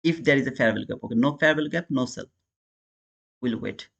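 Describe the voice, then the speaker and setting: During his live trading stream, a day trader with an Indian accent chats casually with his audience, calls them brother, and replies to chat. His mid-range voice is quick with vocal fry and a bit bright, and the highs are cut off.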